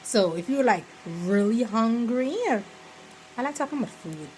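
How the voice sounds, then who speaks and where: A woman's voice: on the high side, normal speed, slight background noise, poor audio. A young woman with a Bahamian accent, chatting casually in a vlog and filling her talk with "you know". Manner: chatty, rambling, full of "you know" fillers; slips into lively quoted examples. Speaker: vlogger.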